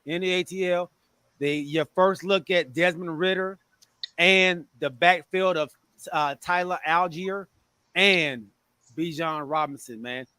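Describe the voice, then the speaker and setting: A man hosts a casual sports podcast, firing off energetic shout-outs to listeners. His voice is bright and a touch high. The recording is dry and close. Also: measured pace, smooth, no room sound. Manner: hype, energetic greetings. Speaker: podcast host.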